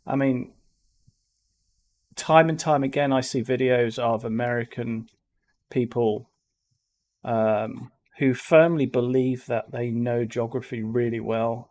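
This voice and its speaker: A man's voice: mid-range voice, measured pace, darkish tone. Rambling English man, Black Country accent. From England. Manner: rambling, exasperated, repeats words. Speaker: reaction video host. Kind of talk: casual commentary.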